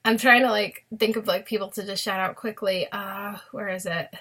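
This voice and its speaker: Bright-voiced young woman gushing. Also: medium pitch, fairly even intonation, normal speed, slightly rough. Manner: gushing, chatty, many fillers. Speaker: vlogger reviewing a musical. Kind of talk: casual chat.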